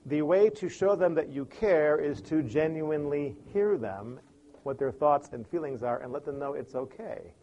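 This listening teacher has a somewhat high, slightly mellow voice. His lecture is conversational and full of anecdotes, and he acts out the people he quotes.

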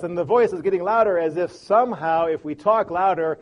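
A man from Chicago giving an animated motivational talk on communication, acting out examples with big swings in pace and loudness. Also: high voice, brisk, highs cut off. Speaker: speaker on communication.

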